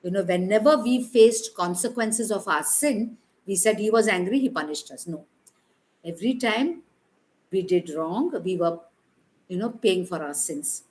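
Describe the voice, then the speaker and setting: A woman's voice: mid-range voice, expressive, unhurried, darkish tone, rough recording. Emphatic woman preaching. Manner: conversational, emphatic, rhetorical questions. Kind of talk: informal sermon.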